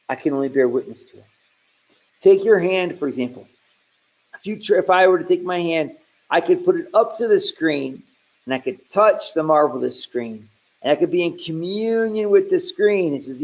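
A man preaching and teaching scripture in a conversational, animated way, with asides and jokes. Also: a little high, low-quality recording. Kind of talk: informal Bible teaching sermon.

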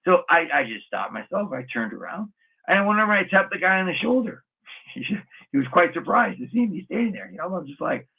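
A man's voice: fairly high pitch, lively intonation, fairly quick, gravelly, breathy edge. A man, a Catholic monk, preaching a sermon on scripture and telling stories with folksy, chuckling asides. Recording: narrow phone-like radio sound.

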